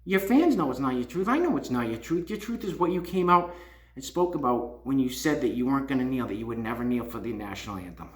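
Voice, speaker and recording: A man's voice: mid-range voice, lively intonation, fast talker. Heated man ranting in an echoey room. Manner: heated, scolding, repeats himself, swings loud and quiet. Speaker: YouTube channel host. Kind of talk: opinion rant to camera.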